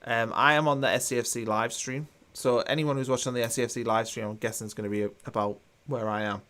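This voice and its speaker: A man's voice: medium pitch, fairly even intonation, fast, a bit bright. A man hosting a live football watchalong, chatting casually and reading out viewer comments with a dry, mildly sarcastic tone. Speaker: watchalong host.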